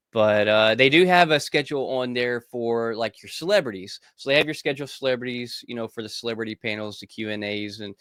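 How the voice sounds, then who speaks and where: A man co-hosting a pop-culture podcast in casual chat, relaxed, laughing often and restarting his sentences. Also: fairly low pitch, clean tone, dry recording, clean studio sound. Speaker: podcast co-host.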